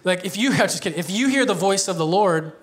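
Pastor guy in his 30s preaching casual, kinda high voice, jokes around and laughs a lot. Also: expressive, fast talker, fairly bright tone. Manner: conversational, joking, laughs often. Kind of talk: sermon. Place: church.

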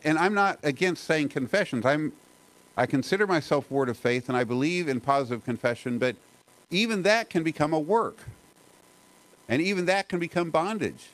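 Delivering a sermon, a middle-aged pastor speaks earnestly and conversationally, with frequent restarts and rhetorical questions, easing his pace to emphasize important phrases. His slightly high, somewhat bright voice has lively intonation, captured on a rough recording.

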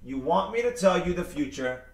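A man's voice: on the high side, lively intonation, moderate pace. A man hosting a live-streamed trading lesson. He talks straight to his viewers, reads out their comments, and keeps chanting hyped catchphrases.

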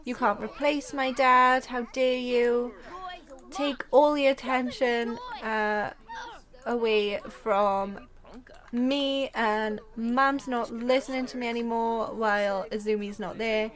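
A woman's voice: a little high, fairly even intonation, takes it slowly, a bit bright. A woman voicing an angry young girl who lashes out at her new stepdad, in an indignant, accusing tone.

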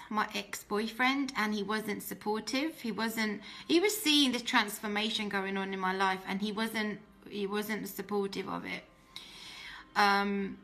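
A woman's voice: mid-range voice, gravelly, sharp tone. A woman telling her personal faith testimony in an earnest, emotional way, often restarting her sentences. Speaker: testimony speaker.

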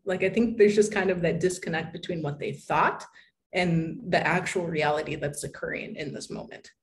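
A woman's voice: lowish voice, steady tone, normal speed, low-quality recording. An American woman, a content writer, chatting casually as a podcast guest and peppering her talk with "like". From United States. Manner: chatty, peppers speech with "like", acts out quoted voices. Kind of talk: casual interview chat.

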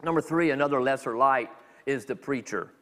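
A man preaching a sermon as a minister, talking in a conversational, animated way with quick acted asides. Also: mid-range voice, in a large hall. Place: church sanctuary.

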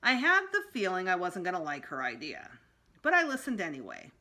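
A woman, a school librarian, reading a children's chapter book aloud with expressive storytelling. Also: fairly low pitch, fairly quick.

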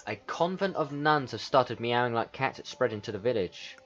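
A man's voice: mid-range voice, lively intonation, normal speed, fairly bright tone, dull audio. Swearing man playing a game. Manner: swears a lot, reads game text aloud and reacts. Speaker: gaming video creator. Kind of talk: casual let's play commentary.

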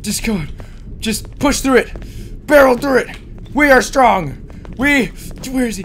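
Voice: medium pitch, a little slow, pauses often, a little hiss or hum. A gaming channel host giving panicked let's-play commentary, shrieking and repeating words over and over. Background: game music.

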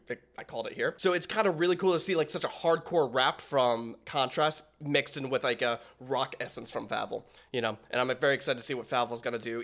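A man hosting a music reaction video, reacting with loud awe and dropping to soft emotional mutters. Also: mid-range voice. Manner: excitable, swearing in awe, drifting to hushed mutters. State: emotional, tearing up. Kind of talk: casual music reaction commentary.

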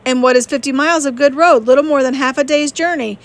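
A woman reading the part of a proud, reserved young gentleman in an audiobook, terse and formal. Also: sits high, fast.

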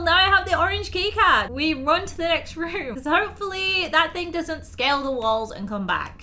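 A young woman talks her way through a horror game in a high, bright voice that swoops up and down. She is chatty and playful and jokes with the objects on screen. There is a steady hum of noise behind her. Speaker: gaming video host. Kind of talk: horror game let's-play commentary.

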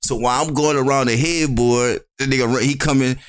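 Young male podcast co-host, mid pitch, spins a rowdy story full of laughs and put-on voices, close dry mic. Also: steady tone, a little fast, clean tone, no room sound. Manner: loud, laughing, acts out voices in his stories. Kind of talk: animated storytelling.

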